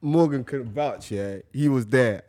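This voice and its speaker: Young man, relaxed guest voice, mid-range pitch, easygoing banter. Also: unhurried, background noise. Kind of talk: casual chat.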